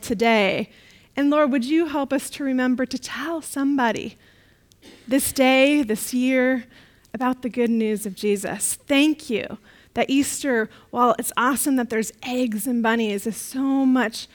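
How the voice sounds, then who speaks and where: A woman leading a children's talk in a church service, telling a story in a playful, animated way and getting the kids to repeat refrains. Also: on the high side, rough recording.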